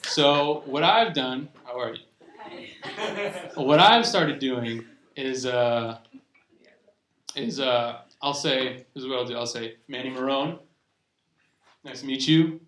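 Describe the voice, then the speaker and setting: A man's voice: mid-range voice, takes it slowly, pauses often, a bit bright. A young man performing a stand-up comedy set at a live show, rambling and restarting his sentences as he goes. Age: young adult. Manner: rambling, self-interrupting delivery with restarts. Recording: roomy live recording with faint noise. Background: audience laughter.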